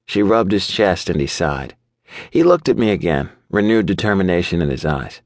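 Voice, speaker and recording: A man narrating an audiobook in the first person, measured and even. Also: sits low, no echo, studio quality. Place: studio booth.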